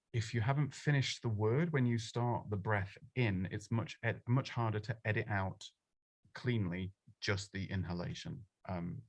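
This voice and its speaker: A man giving casual, chatty advice on presenting, self-deprecating and prone to quick restarts. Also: fairly low pitch, no echo. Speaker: presenting coach. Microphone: close studio microphone.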